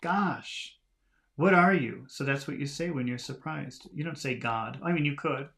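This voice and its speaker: A man teaching English vocabulary by reading a storybook aloud, talking in a relaxed, chatty way and laughing at himself. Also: mid-range voice, normal speed. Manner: relaxed, chatty, laughs at himself, lively voices for quoted lines.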